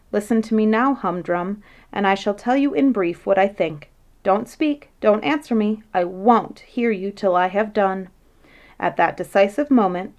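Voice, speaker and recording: A woman's voice: medium pitch, lightly acted. A woman reading as a flighty, insistent old philosopher. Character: quick, flighty, overbearing male philosopher. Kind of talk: storybook reading.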